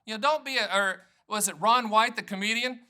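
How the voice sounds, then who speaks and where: A man's voice: sits high, brisk, pushed and bright, smooth. A man in his sixties from North Carolina, an annuity agent talking to camera in a folksy, joking sales patter. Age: 60s. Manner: folksy, jokey salesman patter with self-promotion. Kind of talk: direct-to-camera explainer.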